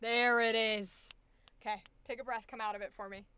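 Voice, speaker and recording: High bright woman, animated voice acting coach giving notes, dry sound. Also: moderate pace, clean tone, no room sound. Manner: animated, emphatic, directive. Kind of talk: live directing session.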